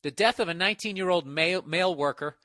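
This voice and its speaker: Bright-voiced man in a profane rant. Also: high voice, fast talker, no room sound, clean studio sound. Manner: profane, mocking, rambling. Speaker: podcast host. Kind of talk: solo comedic podcast rant.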